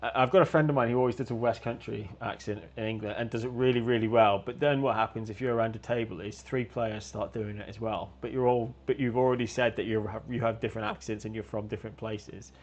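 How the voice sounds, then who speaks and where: A man guest in a casual chat on a video call, talking in a halting, self-deprecating way and restarting his sentences. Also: on the low side, fairly even intonation, dull audio. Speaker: guest, game designer and game master.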